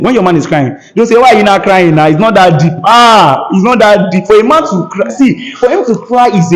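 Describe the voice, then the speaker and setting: A man's voice: on the high side, a little mellow. Earnest man, preacherly podcast guest. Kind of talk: earnest conversational talk.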